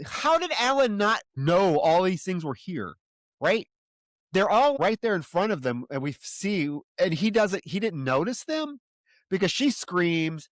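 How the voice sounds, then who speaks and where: A man on a podcast walks through a film's plot in casual chat, slipping into the characters' voices as he goes. His voice sits a little high and moves animatedly. The sound is close and dry. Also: no room sound. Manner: retells scenes with acted-out character quotes, self-deprecating. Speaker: podcast co-host. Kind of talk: casual film plot recap.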